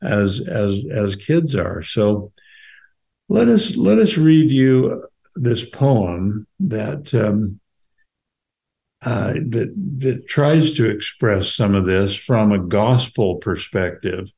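A man's voice: lowish voice, lively intonation, slow, gravelly, dark tone, slightly rough. A man co-hosting a podcast who talks earnestly about faith and reads poetry, often stopping to repeat words as he thinks. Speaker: podcast co-host. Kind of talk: earnest gospel discussion and poetry reading.

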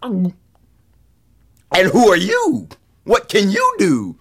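A man's voice: high-pitched, wildly swooping pitch, drawn-out words, vocal fry, voice pushed up, heavily acted. A man voicing a greedy, boastful male trickster spider in a told folktale, with a wheedling, pleading manner. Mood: wary.

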